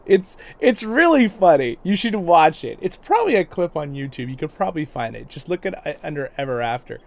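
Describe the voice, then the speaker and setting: A man's voice: fairly high pitch, very animated, fast talker, gravelly. A man hosting a livestream, chatting casually and rambling as he plays, laughing often. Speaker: livestream host and guide. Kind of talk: casual gameplay commentary.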